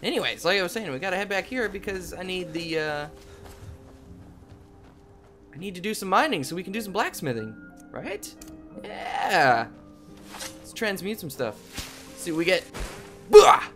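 A young man hosting a game play video, talking to viewers in a goofy way and breaking into loud yelps and yells. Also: sits high, expressive, moderate pace, pauses often. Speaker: gaming channel host. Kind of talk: let's play commentary. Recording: game music playing softly behind.

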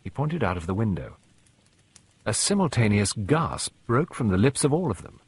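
A man reading a mystery audiobook in an expressive, dramatic narration. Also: lowish voice, normal speed, husky. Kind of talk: scripted narration.

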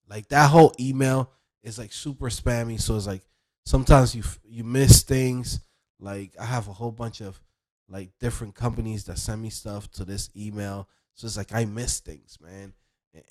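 A man's voice: mid-range voice, darkish tone. A young man hosting a casual vlog, talking to viewers in a rambling, conversational way full of fillers. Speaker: web developer and channel host.

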